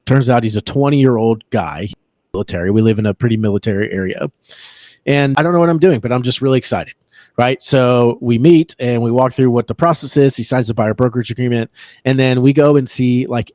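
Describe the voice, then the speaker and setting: A man telling a story as a podcast guest, animated and laughing often. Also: mid-range voice, no echo, clean studio sound. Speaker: real estate agent, podcast guest. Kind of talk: casual storytelling in a podcast chat.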